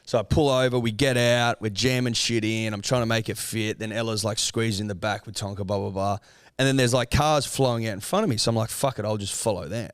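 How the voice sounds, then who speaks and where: A man's voice: on the low side, a little fast, clean tone, no room sound, studio quality. Sweary Australian man telling a story. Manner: animated swearing storyteller, acts out quotes. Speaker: podcast co-host. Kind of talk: casual storytelling chat.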